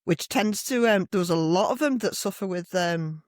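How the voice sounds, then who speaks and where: A middle-aged woman, co-hosting a podcast and telling stories in a blunt, animated way with plenty of swearing. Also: lowish voice, moderate pace, no echo, studio quality. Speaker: podcast co-host. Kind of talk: casual chat. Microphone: desk microphone.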